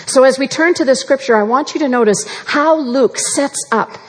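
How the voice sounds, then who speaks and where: A woman preaching a sermon with an earnest, measured delivery that slows for emphasis. Her voice sits fairly high and has a breathy edge. A long reverb trails after her words, as in a large hall.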